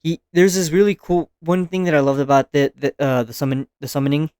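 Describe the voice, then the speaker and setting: A man recapping anime episodes in a relaxed, excitable video review, with slang and casual swearing. His voice is smooth and resonant, at an ordinary pitch for a man. The sound is dry and close, with little room echo. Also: fairly quick.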